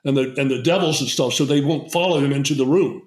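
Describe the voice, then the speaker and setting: Talking fast at a medium pitch, an older man who's a guest herbalist tells a long story in conversation. Many fillers and restarts fill his speech, and the recording sounds roomy and echoey.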